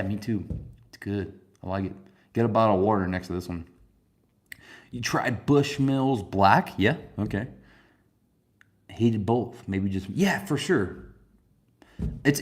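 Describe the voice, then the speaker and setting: Man with a low voice, laid-back host of a tasting stream, swears freely and talks straight to his viewers. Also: normal speed. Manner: relaxed, profane, chatty, answers viewers. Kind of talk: casual live chat.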